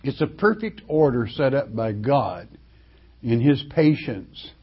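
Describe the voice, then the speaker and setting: An older man teaching from the Bible in a folksy, halting way, full of restarts and homespun asides. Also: mid-range voice, big pitch swings, breathy edge. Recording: dull lo-fi recording.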